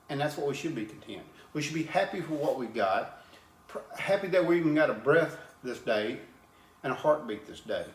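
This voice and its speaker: A man's voice: on the high side, echoey room. A man preaching an informal sermon, plain-spoken and earnest, often repeating and restarting his words as he reads scripture.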